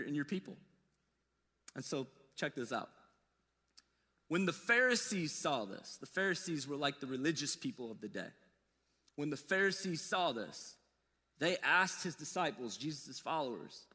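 A man preaching a sermon, telling stories in a casual, animated way with slangy asides. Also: fairly high pitch, moderate pace, in a large hall. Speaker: pastor.

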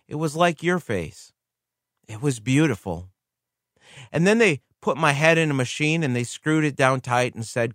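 A man's voice: medium pitch, fairly bright tone, dry recording. Heartfelt blind little girl writing to gramps, as a man reads her letter, dry close sound. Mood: eager, heartfelt. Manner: eager, wondering, heartfelt.

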